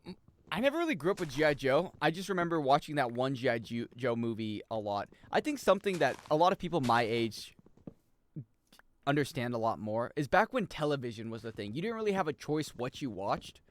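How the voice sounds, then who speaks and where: A man's voice: medium pitch, big pitch swings, a little fast. A young adult man streaming a game in casual chat, rambling, swearing and laughing as he plays.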